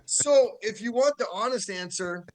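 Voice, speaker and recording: A man who coaches youth and high school football, chatting casually as a guest and telling stories with a laugh. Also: a little slow. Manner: animated storytelling, laughs often. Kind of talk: casual chat.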